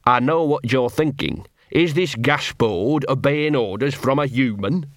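A man's voice: mid-range voice, unhurried, no room sound, studio quality, natural voice. A man voicing a scruffy, nervous small male dog who rambles in ungrammatical street talk, repeating himself.

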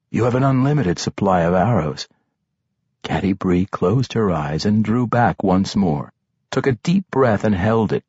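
A man narrating a fantasy audiobook in an expressive, dramatic reading style. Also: medium pitch, breathy edge, dry recording, muffled recording.

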